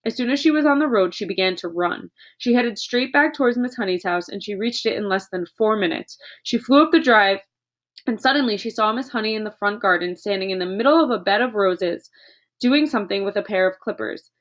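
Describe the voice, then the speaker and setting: A woman narrating a children's book aloud in a steady storytelling voice. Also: mid-range voice, a little fast. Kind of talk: audiobook reading.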